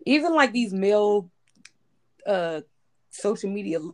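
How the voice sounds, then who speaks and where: A woman's voice: medium pitch, lively intonation, a little slow, darkish tone. A woman in a casual podcast chat, frank and emphatic, speaking in loose slang. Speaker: podcast co-host.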